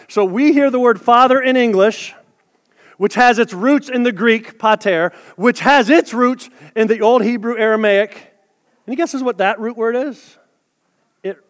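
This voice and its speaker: A man with a rather high voice preaches to his congregation in a relaxed, talky way, tossing in joking asides. His words ring out with a long hall reverb, as in a church sanctuary. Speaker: pastor. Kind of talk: sermon.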